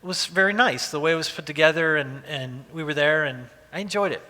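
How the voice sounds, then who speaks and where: A man's voice: a little high, fairly quick, sharp tone. Man in his forties preaching in a hall. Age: 40s. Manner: conversational, anecdotal, with frequent restarts. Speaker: pastor. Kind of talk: sermon. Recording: long reverb of a large hall.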